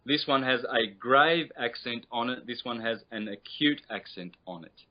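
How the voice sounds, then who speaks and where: Man teaching over a lo-fi call. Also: medium pitch. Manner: patient and instructive, drawn-out demonstrated vowel sounds. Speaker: guest teacher. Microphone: video call. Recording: lo-fi internet call audio.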